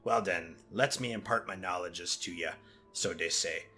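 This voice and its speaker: A man's voice: sits low, unhurried, sharp tone, breathy edge, faint music behind, exaggerated voice. A man voicing a greedy, scheming male goblin scout in a game, with a loose put-on Caribbean-ish lilt and slangy broken grammar. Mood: wheedling.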